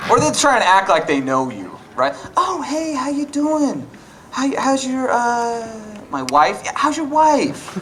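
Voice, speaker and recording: A man's voice: high-pitched, a bit bright, slight background noise, poor audio. A young man doing a stand-up comedy set, acting out both sides of arguments with his wife. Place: comedy club stage. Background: audience laughter.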